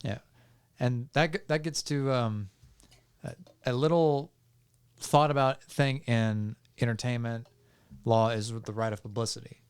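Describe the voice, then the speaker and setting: A man, a podcast guest, calmly explaining legal points step by step with frequent fillers and restarts. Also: mid-range voice, a little slow, long pauses, clean tone. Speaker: podcast guest on music law. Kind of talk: explanatory casual talk.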